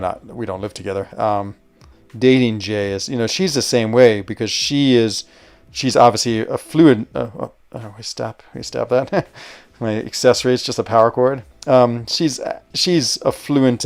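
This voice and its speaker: A man hosting a live stream, chatting casually while he plays a game. He thinks aloud, reacts quickly to what happens on screen and often trails off mid-sentence. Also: medium pitch, creaky, a little mellow. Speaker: streamer and show host. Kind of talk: casual live gameplay commentary.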